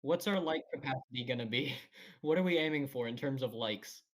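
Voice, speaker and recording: A young man shares an animated story in a loose podcast conversation, now and then laughing mid-sentence. His voice sits in an ordinary middle register. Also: medium pitch, a little fast. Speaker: podcast co-host. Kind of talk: casual chat.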